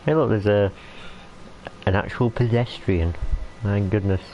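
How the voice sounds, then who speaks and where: In an unhurried, lowish voice, a young man rambles and chats casually as he streams a train game, talking to its characters. The sound is muffled lo-fi with a faint hiss.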